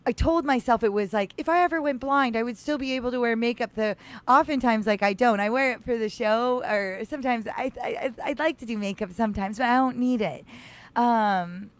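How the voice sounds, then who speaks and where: A woman's voice: a little high, a little fast. A woman hosting a healing livestream, talking casually and gushing over viewers by name, rambling with many restarts. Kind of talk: casual live chat with viewers.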